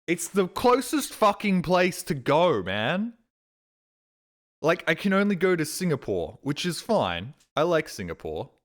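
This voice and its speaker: A man's voice: a little high, very animated, a little slow, fairly bright tone. A young adult Australian man streaming on a headset mic, chatting casually in a rambling way and swearing freely. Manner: rambling, swears casually, mimics voices in quotes.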